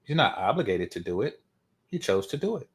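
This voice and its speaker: A man's voice: mid-range voice, sing-song, brisk. A man reacting to a video, mocking and emphatic, repeating his points for effect. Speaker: reaction commentator.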